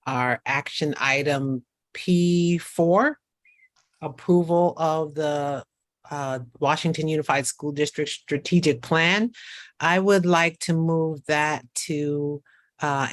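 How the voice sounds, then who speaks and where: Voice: medium pitch, no echo. A district official making a formal request at a school board meeting, speaking carefully with hesitations. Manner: measured, careful phrasing with uhs.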